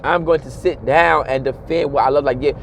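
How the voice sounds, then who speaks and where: A man, giving a casual, animated monologue and mimicking other people's voices along the way. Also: mid-range voice, brisk, gravelly, a little hiss or hum. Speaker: commentator.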